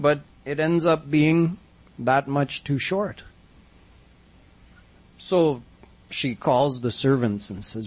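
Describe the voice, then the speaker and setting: A male religious storyteller giving a devotional sermon. He narrates vividly at an unhurried pace, in a fairly high voice, and mixes in Hindi devotional terms.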